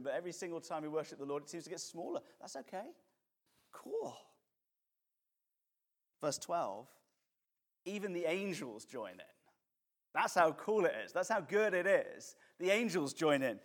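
A man's voice: on the high side, sing-song, normal speed, long pauses. A man preaching a conversational sermon as pastor, mixing jokes and acted quotes.

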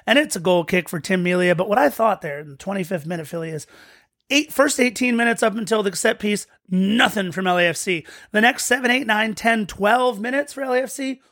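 High-voiced man recapping a match. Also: lively intonation, a little fast, fairly bright tone, no echo, clean studio sound. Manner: eager, rambling analysis with restarts. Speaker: podcast co-host. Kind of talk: casual match-recap chat.

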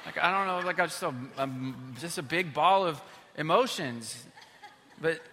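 A man's voice: fairly high pitch, measured pace, background noise. A man in his thirties preaching a sermon, telling stories about himself in a casual, self-mocking way with plenty of fillers. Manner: conversational, self-deprecating storytelling with many fillers. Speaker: pastor. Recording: reverberant hall.

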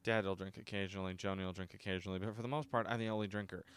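A man's voice: deep voice, steady tone, very fast, slight background noise. A man in his twenties chatting casually to camera as he reviews a drink, rambling, swearing freely and poking fun at himself. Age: 20s.

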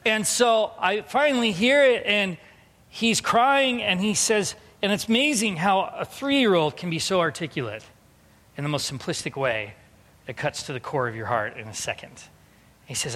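A man in his thirties delivers a sermon in a high voice that carries through a large hall with a long trailing echo. He tells personal stories and moves between hushed, reflective passages and loud, emphatic exhortation. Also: expressive, normal speed. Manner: storytelling, swinging between quiet reflection and loud emphatic preaching. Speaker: pastor.

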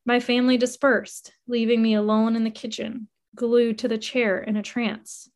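A woman narrating a first-person memoir in an expressive reading that rises with emotion. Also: on the high side, moderate pace.

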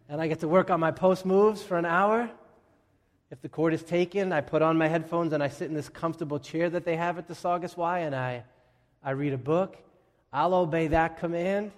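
A pastor giving a sermon in a conversational, humorous storytelling way, acting out what people might say. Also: male voice, on the high side, big-room sound.

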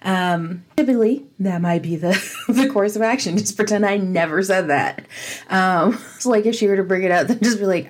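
A woman's voice: lowish voice, normal speed. A woman hosting a casual solo podcast, chatty and self-mocking, laughing often as she talks. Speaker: podcast host.

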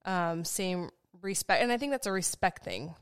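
A woman's voice: on the low side, animated, moderate pace, clear, resonant tone, no room sound, studio quality. A woman co-hosting a podcast, speaking candidly and from the heart about raising her children. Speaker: podcast co-host. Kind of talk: casual conversation.

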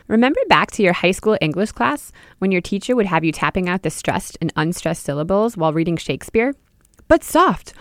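A woman presents a scripted music lesson. Her pitch moves up and down freely as she explains each idea and turns to the listener with questions. The recording is close and dry, with no room sound. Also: dry recording. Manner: clear, explanatory, addressing the listener directly. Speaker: podcast host and music teacher. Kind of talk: scripted educational narration.

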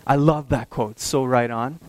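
A man preaching a sermon, telling stories in an animated way and acting out the voices of the people in them. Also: mid-range voice, a little slow. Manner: animated storytelling, acts out voices. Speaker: pastor.

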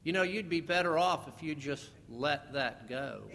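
A man preaching a sermon as pastor, animated, slowing down for scripture and putting questions to the congregation. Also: fairly high pitch, slight background noise. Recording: long reverb of a large hall.

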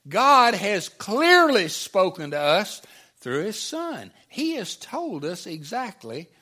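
A middle-aged male pastor delivers a sermon in an easy, conversational way, pausing to ask his listeners questions and echoing their replies. His voice sits fairly high for a man and swings widely in pitch. He speaks slowly, with frequent restarts. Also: huge pitch swings, bright, forceful tone. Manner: conversational, repeats audience answers, many restarts. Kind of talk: sermon with audience call-and-response.

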